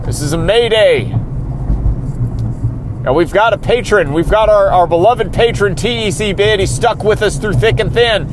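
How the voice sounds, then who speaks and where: A man hosting a podcast in a rambling, halting mock-conspiracy rant, recorded inside a truck on a morning drive. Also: high voice, background noise. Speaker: podcast host.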